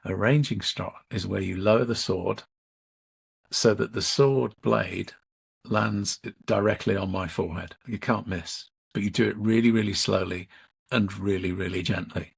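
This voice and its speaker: Man, middle-aged, coach guest, low pitch, very husky, measured storytelling. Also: steady tone. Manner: measured, re-enacts dialogue from a workshop. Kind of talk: storytelling in a podcast interview.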